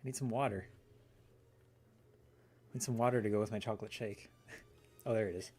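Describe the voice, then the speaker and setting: A man's voice: fairly low pitch, fairly quick, warm tone, breathy edge. A man in his thirties hosting a livestream, rambling casually and answering viewers' questions. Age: 30s. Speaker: livestream host. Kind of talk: casual chat on a gaming livestream.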